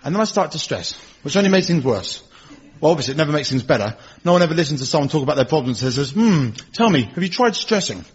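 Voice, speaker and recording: An English man performing a scripted stand-up monologue with dry, deadpan storytelling on a radio comedy show. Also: on the high side, rapid-fire, husky. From England. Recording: dull lo-fi radio recording.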